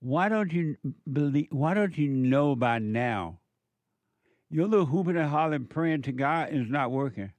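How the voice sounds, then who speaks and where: A man's voice: fairly high pitch, expressive, unhurried, darkish tone, no echo. A male counselor delivering a preachy monologue, firing off emphatic rhetorical questions in a scolding tone.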